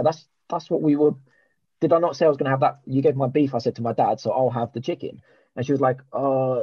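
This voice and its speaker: A man, hosting a podcast and telling a long story in animated, sweary casual chat. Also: mid-range voice, breathy edge, no echo, lo-fi sound. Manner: animated, swears a lot, with many restarts and reported speech. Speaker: podcast host.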